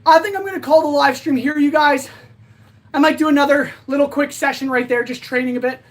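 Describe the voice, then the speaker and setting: A woman's voice: high voice, steady tone, fairly quick. A woman hosting a livestream, chatting casually and thanking her viewers in a rambling, earnest way while tired and out of breath. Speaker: livestream host. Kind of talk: casual livestream sign-off chat.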